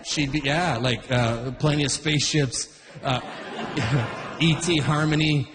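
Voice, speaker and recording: A man's voice: fairly high pitch, steady tone, measured pace, big-room sound, noisy background. A man in his forties doing a rambling stand-up routine, often breaking off his own sentences. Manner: rambling, self-interrupting, chuckles between bits. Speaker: stand-up comedian.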